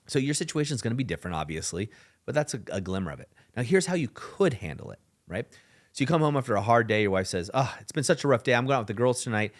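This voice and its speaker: A man hosting a podcast who gives relationship advice in a conversational, emphatic monologue. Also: fairly low pitch. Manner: conversational and emphatic, acts out dialogues. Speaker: relationship coach and podcast host.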